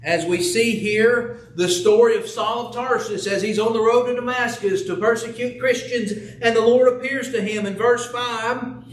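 Earnest preacher guy, high voice, sermon in a church, kinda distant from the mic. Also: steady tone, moderate pace, slight background noise. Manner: earnest, rhetorical questions, reads scripture aloud. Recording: echoey room, voice from off the mic.

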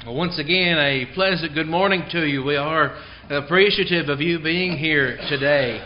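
A man's voice: a little high, normal speed, highs cut off. A man preaching a Sunday sermon, hammering home key words with strong emphasis. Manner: tells a joke before the lesson.

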